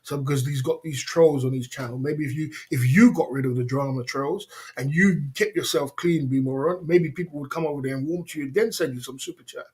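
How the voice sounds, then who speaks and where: A man's voice: fairly high pitch, fairly quick, hardly any pauses. A man hosting a livestream, ranting indignantly in slangy, repetitive casual talk with frequent laughs. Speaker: livestream host.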